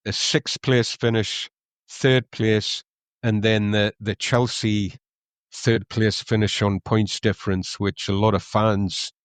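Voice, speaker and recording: A middle-aged man talks through old memories on a podcast. His voice is low, smooth and resonant, and he hesitates and restarts often. The recording is dry and close. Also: flat delivery, slow pace, dry recording. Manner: rambling, many ums and restarts. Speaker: podcast co-host, club historian. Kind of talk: casual podcast chat.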